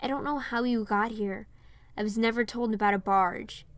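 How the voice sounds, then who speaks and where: A woman voicing a kind young princess who speaks softly and soothingly, reading fan fiction aloud. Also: a little high, steady tone, moderate pace, no room sound, natural voice. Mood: gentle. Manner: soft and soothing.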